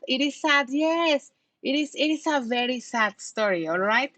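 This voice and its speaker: A woman's voice: a little high, normal speed, fairly bright tone, no echo. Patient woman teaching English. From Mexico. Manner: patient, explaining, asking questions. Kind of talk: online English lesson.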